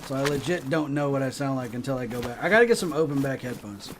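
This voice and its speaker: A man's voice: medium pitch, lively intonation, quick pace, background noise. A middle-aged man streaming a survival game on a headset, rambling and swearing while joking around. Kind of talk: casual gaming commentary.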